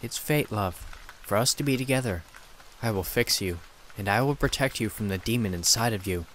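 A man's voice: on the low side, moderate pace, a bit bright, slight background noise, lightly acted. A man voicing a controlling young boyfriend who speaks in a soothing, patronizing way. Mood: coaxing.

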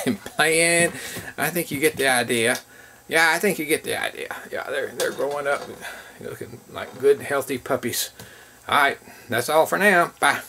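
A man filming his puppies, chatting to the viewer and cooing softly at the dogs in baby talk. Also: medium pitch, gravelly, slight background noise. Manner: coos and talks softly to the puppies. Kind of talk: casual vlog narration and baby talk to puppies.

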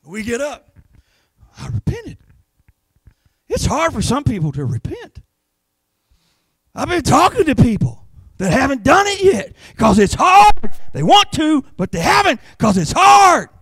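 A man delivers a Pentecostal sermon with a strikingly high, bright, piercing voice. He drops to hushed asides, then climbs to impassioned shouts. The sound is close and dry. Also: huge pitch swings, unhurried, long pauses, no echo. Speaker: preacher. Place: church sanctuary.

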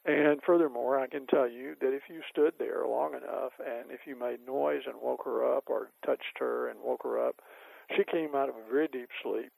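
An older man tells rambling anecdotes as a guest on an interview, with many fillers and chuckles. His voice is very gravelly at a middling pitch. The recording is dry and close. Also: fairly even intonation, normal speed, darkish tone, no room sound, poor audio. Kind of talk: anecdotal storytelling.

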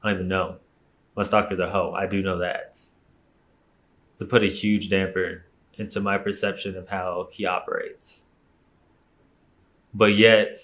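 A young YouTuber with a low, slightly bright voice tells a personal story straight to the camera in a casual vlog. He's candid and emphatic, and he swears freely.

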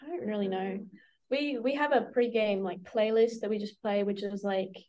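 A woman's voice: mid-range voice, steady tone, moderate pace, warm tone. A young woman with an Australian accent, a college basketball player answering interview questions in an easygoing, chatty, teasing way over a video call. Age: young adult.

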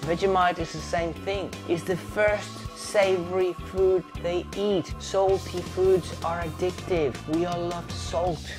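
A man's voice: sits high, unhurried, few pauses, music in the background. Playful Venezuelan man hosting a cooking show. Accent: Venezuelan Spanish. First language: Spanish. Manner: playful and chatty, jumps between excitement and mock apology. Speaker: comedian and cooking show host. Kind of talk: comedic cooking demonstration.

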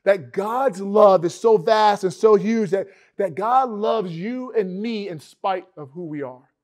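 High-voiced man preaching a sermon. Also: takes it slowly, darkish tone. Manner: conversational preaching with emphatic repeats. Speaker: pastor. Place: church online worship video.

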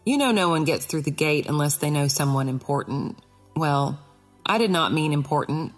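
A woman voicing a proud, easily flustered female yellow crocus in a storybook. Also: low-pitched, lively intonation, normal speed, slightly rough, soft background music. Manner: purring with pride.

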